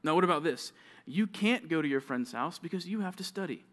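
A man with a somewhat high voice preaches to a room of junior high students. He keeps it conversational and lively. Now and then he slips into quick mock voices of grumbling kids. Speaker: youth pastor.

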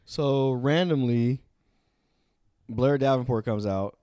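A man co-hosting a casual wrestling podcast, jokey and animated, often stammering and restarting his sentences. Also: mid-range voice, takes it slowly, no echo, studio quality. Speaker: podcast co-host.

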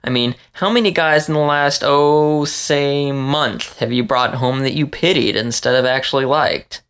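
A man's voice: medium pitch, unhurried, smooth, voice pushed up. A man reading a story, voicing a stocky male rat who teases with a smirk. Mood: smug. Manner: smirking, deadpan teasing.

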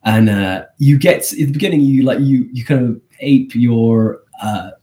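An Irish man, a comedian and guest, telling rambling, animated stories in a casual podcast interview. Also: measured pace. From Ireland. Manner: animated, rambling storyteller with pitch leaps.

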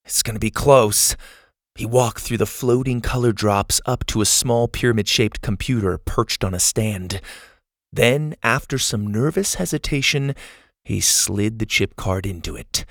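Low-voiced male storyteller. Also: measured pace, no room sound, clean studio sound. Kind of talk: storybook narration.

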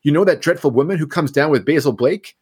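A man's voice: on the high side, quick pace, a little mellow, slightly rough. A man reading aloud and voicing an elderly village spinster who is eagerly spreading gossip.

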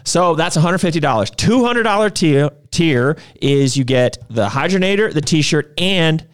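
A man's voice: fairly high pitch, lively intonation, moderate pace, smooth. A young man hosting a casual promotional chat about store sales. He talks in a loose, rambling way and often stops and restarts his sentences. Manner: loose and chatty, stops and restarts, jumps between deals. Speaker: gym owner and supplement shop host.

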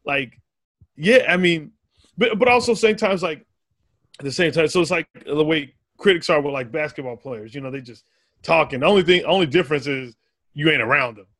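A man's voice: a little high, a little fast, dry recording. A man, a stand-up comedian, telling stories animatedly with a lot of swearing on a casual podcast. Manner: animated storytelling, heavy swearing, laughs often. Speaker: comedian guest.

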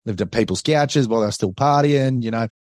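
A man's voice: mid-range voice, fast talker, darkish tone, no echo, studio quality. An Australian man in his forties hosting a podcast, talking in a friendly, matey way. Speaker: podcast host. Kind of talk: casual podcast chat.

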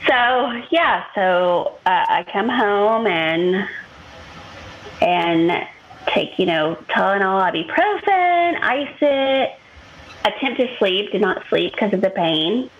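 A woman's voice: medium pitch, slow pace, lo-fi sound, a little hiss or hum. A woman, telling a long personal story as a podcast co-host and acting out what others said. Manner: animated storytelling, acts out quotes. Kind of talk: casual chat.

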